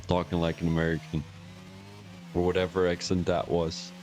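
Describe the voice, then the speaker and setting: A man's voice: sits low, little pitch movement, normal speed, pauses often, darkish tone, a little hiss or hum. A man commentating a sim racing league on a live stream, chatty and joking with rambling asides.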